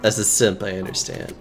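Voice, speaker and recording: Relaxed streamer, unhurried, pitch swinging widely, cursing and laughing, faint game music under. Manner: chatty, swears freely, laughs often. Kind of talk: casual live-stream chat.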